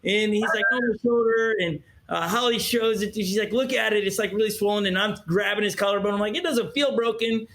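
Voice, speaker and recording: A man's voice: high-pitched, a little fast, few pauses, a bit bright. A man hosting an interview, talking animatedly, acting out quotes and often restarting his sentences. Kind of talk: candid interview conversation.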